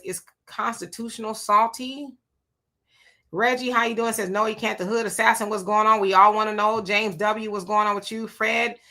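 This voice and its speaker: A woman hosting a casual live stream, reading out viewer comments and answering them one after another. Her voice is bright and forward, and she greets each person by name in an easy, chatty way. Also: medium pitch.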